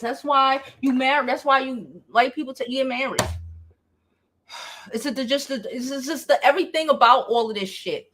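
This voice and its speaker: A woman's voice: sits high, moderate pace, a bit bright. A woman giving reactive vlog commentary in an emphatic, exasperated, profane rant. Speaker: commentary vlogger.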